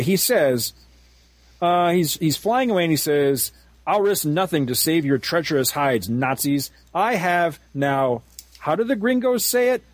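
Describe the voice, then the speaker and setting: A man in his forties co-hosts a casual podcast about comic books, ranting, swearing and laughing often. His mid-range voice is husky, recorded with no room sound.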